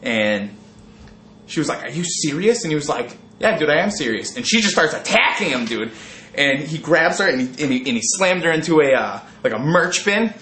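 A man with a bright, forceful voice tells a story with lots of energy, swearing and saying "dude" constantly. The room is echoey, and faint ambient noise sits underneath. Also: on the high side, moderate pace. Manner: animated, profane, says "dude" constantly. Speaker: band member telling a tour story. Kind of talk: casual storytelling.

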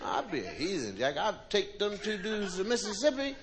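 High-voiced animated male stand-up comic. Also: normal speed, hardly any pauses, a crowd in the background, background noise. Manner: animated, mocking, playful. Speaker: stand-up comedian. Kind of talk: stand-up comedy. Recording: live show with loud audience laughter. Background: audience laughing.

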